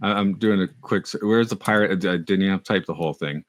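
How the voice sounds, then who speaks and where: A man's voice: low-pitched, fast, no echo, clean studio sound. A middle-aged man co-hosting a podcast, rambling and self-mocking, with frequent restarts. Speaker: podcast co-host. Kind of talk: casual chat.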